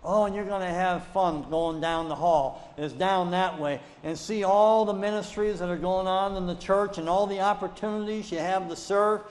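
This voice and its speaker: A male pastor preaching a sermon in a church, with a lively delivery that swings up into loud rhetorical questions. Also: high voice, normal speed, few pauses. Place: church sanctuary. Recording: long reverb of a church sanctuary.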